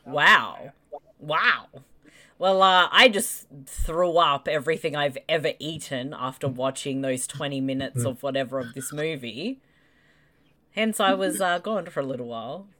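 Slow-talking wry woman. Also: low voice, pushed and bright. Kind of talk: casual movie riffing chat.

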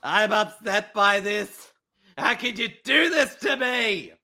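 A man's voice: high voice, expressive, takes it slowly, full character voice. A man voicing Louise, a distraught, melodramatic wife in an improvised role-play game. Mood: furious. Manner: melodramatic, pleading then shouting.

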